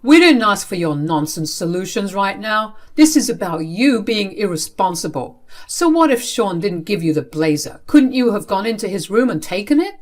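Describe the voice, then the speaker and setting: A harsh, cold middle-aged father scolding his teenage daughter, read by a woman in her plain voice. He lays down the law with blunt, unforgiving lines, in a middle-pitched voice. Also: big pitch swings, moderate pace, hardly any pauses.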